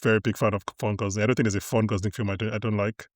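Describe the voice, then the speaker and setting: A man's voice: on the low side, steady tone, rapid-fire, dry recording. A man hosting a podcast in casual chat, rambling with lots of fillers and laughs, on a close mic. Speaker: podcast host.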